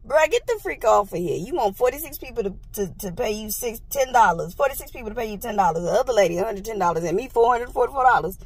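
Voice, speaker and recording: A woman vlogger telling a casual story into a handheld phone, animated and exclaiming, laughing often. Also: fairly high pitch, fast, few pauses. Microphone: phone held in hand.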